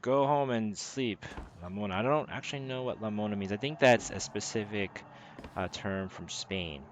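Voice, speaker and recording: An American man translating game dialogue as he plays, in casual commentary, halting and often correcting himself. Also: lowish voice, slight background noise. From United States. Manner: halting, self-correcting, full of fillers. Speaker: gameplay host translating dialogue.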